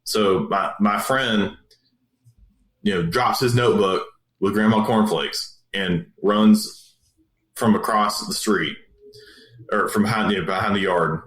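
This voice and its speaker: A man's voice: on the low side, slow, long pauses, a bit bright. A man, a police officer, telling a story in a casual, rambling way with many fillers and restarts. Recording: roomy echo.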